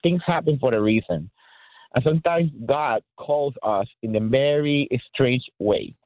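Male caller, accented English, halting and emotional, tinny phone line, very dry. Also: medium pitch, no room sound. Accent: non-native English. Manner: halting, emotional, many restarts. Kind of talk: call-in radio conversation.

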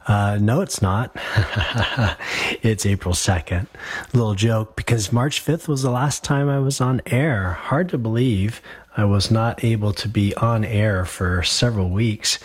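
A man, a priest hosting a live call-in radio show, his voice gravelly and hoarse from illness, talking in a relaxed, rambling way with many fillers. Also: on the low side, unhurried, no echo.

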